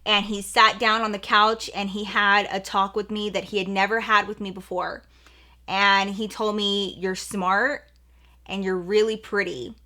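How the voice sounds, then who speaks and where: A young woman tells a personal story in a casual, chatty way, leaning on "like" and slipping into the voices of the people in it. Her voice is bright and clear. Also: mid-range voice, flat delivery, normal speed. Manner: chatty, many "like" fillers, acts out quoted lines. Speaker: storytime vlogger.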